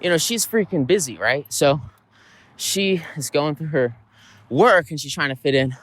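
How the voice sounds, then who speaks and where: A podcast host with a slightly high, expressive, fairly bright voice retells a story at a moderate pace in a casual monologue. He rambles loosely, packing in fillers and checking in with "right?"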